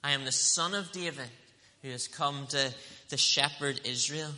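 A man preaching a sermon, earnest and emphatic, slowing down to stress scripture quotes. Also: mid-range voice, pushed and bright, long reverb tail.

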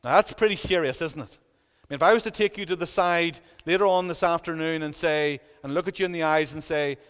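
Emphatic high-voiced man preaching in a hall. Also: a little fast, fairly bright tone, smooth. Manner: earnest, emphatic, repeats phrases for weight. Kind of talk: sermon. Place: church.

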